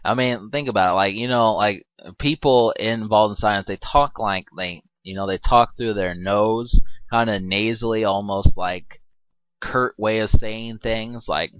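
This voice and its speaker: A man's voice: lowish voice, steady tone, a little slow, smooth, no room sound, dull audio. A man giving a rambling, casual movie commentary, full of fillers and restarts and laughing often, swearing now and then.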